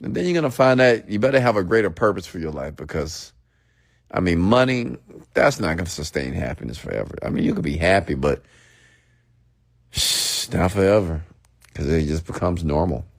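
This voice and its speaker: A man's voice: low-pitched, sing-song, moderate pace, gravelly, no room sound, clean studio sound. A man hosting an unscripted livestream rant, talking casually and checking in with "okay?" and "get it?". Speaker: online marketing host.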